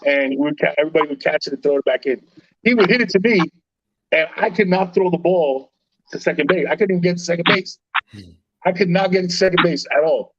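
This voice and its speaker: A man hosting a casual sports podcast, telling stories in an animated, slangy way with plenty of swearing. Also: on the high side, quick pace, highs cut off, background noise.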